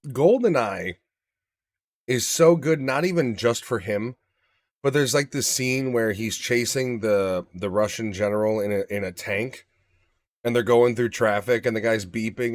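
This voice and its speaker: A man co-hosting a casual podcast chat, animated and profane, getting loud for emphasis. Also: medium pitch, dry recording. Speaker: podcast co-host.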